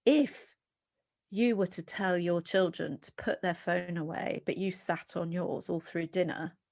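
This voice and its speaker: A middle-aged British woman being interviewed as a psychologist, talking earnestly and animatedly with quick restarts. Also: lowish voice, little pitch movement, gravelly, darkish tone. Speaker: guest psychologist. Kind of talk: podcast interview.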